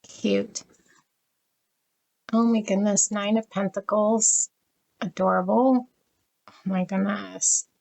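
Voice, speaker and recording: A middle-aged tarot reader flips through her deck, gushing over each card and growing emotional. She speaks slowly at a medium pitch with fairly even intonation, vocal fry, and long pauses, her mellow voice captured on poor audio.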